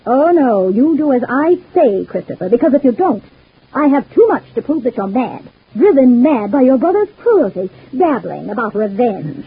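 An actress playing a scheming, cruel wife in an old-time radio soap, talking with cold, scornful menace. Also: female voice, fairly high pitch, sing-song, moderate pace, full character voice. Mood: gloating. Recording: husky lo-fi old radio broadcast.

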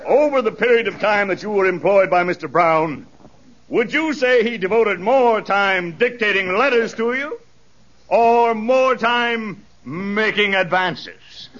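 A man's voice: high-pitched, a little slow, a bit bright. A man playing a pompous plaintiff's lawyer who orates grandly to the jury and questions witnesses, in 1940s radio comedy style. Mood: questioning. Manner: grandiloquent, stretched-out courtroom oratory. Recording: muffled old radio broadcast.

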